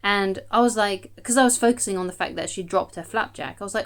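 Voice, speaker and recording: A woman's voice: medium pitch, fast talker, hardly any pauses. A woman, a dating coach, giving chatty, emphatic advice straight to camera and often checking in with "okay?". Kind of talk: direct-to-camera advice talk.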